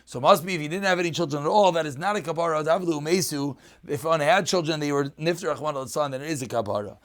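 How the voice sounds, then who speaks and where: A man's voice: a little high, fast talker, fairly bright tone. A man teaching a daf yomi Talmud lesson. He reads Aramaic phrases and explains them in English.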